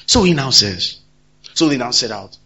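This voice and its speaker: A man preaching a sermon, emphatic and repetitive, swinging between loud and soft. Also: medium pitch, sing-song, moderate pace, husky, highs cut off.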